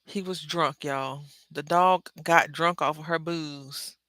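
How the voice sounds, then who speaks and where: A woman's voice: low-pitched, fairly even intonation, takes it slowly, a bit bright, no echo. A woman casually chatting to viewers while crafting, rambling and correcting herself as she goes. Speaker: craft livestream host. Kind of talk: casual craft livestream chat.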